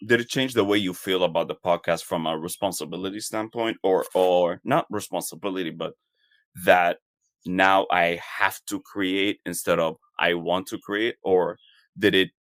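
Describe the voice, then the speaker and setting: A podcast host chatting casually and thoughtfully, asking long open questions. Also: male voice, deep voice, fairly even intonation, normal speed, a bit bright, dry recording, clean studio sound. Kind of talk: casual interview chat.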